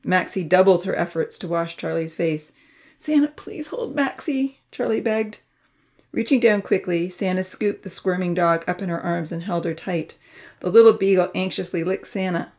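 A woman reading a children's story aloud, voicing the young characters' lines in a raised, expressive voice. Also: moderate pace. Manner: expressive, lifts her voice high for the children's dialogue. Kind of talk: scripted narration of a children's story.

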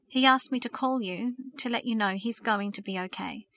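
A woman reading aloud and voicing a devout middle-aged mother who speaks slowly and cautiously. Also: a little high, a bit bright. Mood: measured. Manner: slow, cautious, hesitant.

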